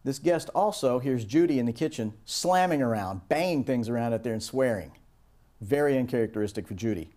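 A middle-aged man lecturing on teamwork, his tone mellow and relaxed. He tells stories and slips into higher voices for the people he quotes. His pitch sits at an ordinary middle height. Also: a little fast. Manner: storytelling, acts out quoted voices with raised pitch. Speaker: instructor. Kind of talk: recorded lecture on project teamwork.

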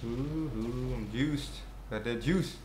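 A young man giving excitable gameplay commentary, swearing and yelling at the game. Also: mid-range voice, slow. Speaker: gaming commentator. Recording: echoey room with faint noise.

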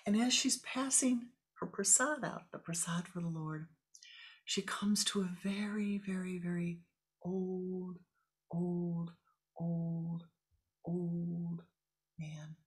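A woman spiritual teacher tells a parable in a low, unhurried voice. She is animated and slips often into hushed, whispered asides. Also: rough recording. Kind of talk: storytelling dharma talk.

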